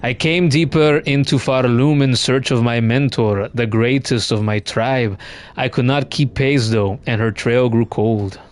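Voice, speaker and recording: A man reading out a solemn female warrior's lines in a game, speaking measured and grave, well below his own voice. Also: mid-range voice, fairly even intonation, pitched below the performer's own voice, natural voice. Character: solemn female warrior seeking her mentor.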